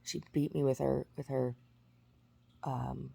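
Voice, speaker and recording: A woman's voice: very deep voice, level tone, slow, gravelly, warm tone, breathy edge, dry recording. A woman in her forties talking through a rambling personal story, full of restarts and fillers. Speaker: vlogger. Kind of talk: casual storytelling monologue.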